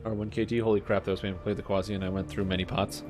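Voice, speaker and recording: Low-voiced streamer rambling over music. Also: male voice, level tone, racing. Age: 20s. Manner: rambling, swearing, talks to himself and chat. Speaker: game streamer. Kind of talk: casual gaming commentary. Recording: music playing behind.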